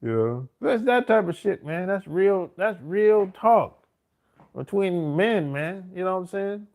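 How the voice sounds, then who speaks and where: A man's voice: sits high, animated, measured pace, vocal fry, a little mellow. A middle-aged man, telling stories in a casual, boastful and profane monologue full of slang. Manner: profane, slangy street talk with frequent "man" and "bro"; boastful, swaggering. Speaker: host.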